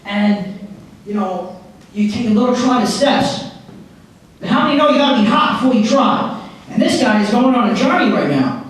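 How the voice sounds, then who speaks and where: A high-pitched man gives a motivational talk and tells a story with lively acted-out characters. He is recorded from far off in a very echoey hall, so his voice sounds distant. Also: moderate pace, pauses often. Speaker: motivational speaker. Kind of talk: live presentation with storytelling. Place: public library meeting room before an audience.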